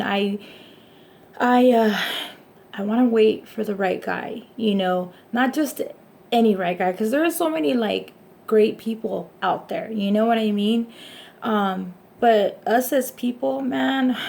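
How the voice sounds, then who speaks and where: A woman's voice: mid-range voice, vocal fry, a little mellow. A young woman chatting casually in a personal vlog, rambling and laughing often as she talks. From Hispanic background, raised in the US.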